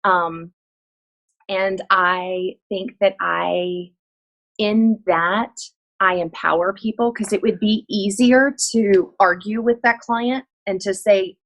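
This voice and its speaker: A woman's voice: mid-range voice, takes it slowly. A woman Pilates instructor chatting as a guest on a video call, earnest and heartfelt, often restarting her sentences. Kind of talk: casual chat on a video call.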